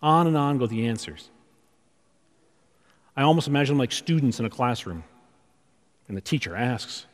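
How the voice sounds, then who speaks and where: A man preaching a conversational sermon, full of rhetorical questions and pauses, in a church sanctuary. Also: on the low side. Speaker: pastor. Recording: long reverb of a large hall.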